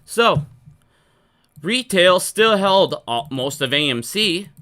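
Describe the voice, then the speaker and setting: Bright-voiced, heated, profane rant. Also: mid-range voice, very animated, takes it slowly. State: frustrated. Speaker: stock market commentator. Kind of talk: unscripted solo rant to viewers.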